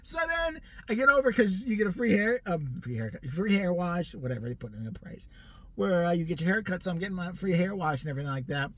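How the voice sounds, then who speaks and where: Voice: medium pitch, animated, fast talker, no room sound. A vlogger in their forties ranting comically, sarcastic and profane, often laughing. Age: 40s. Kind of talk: comic rant.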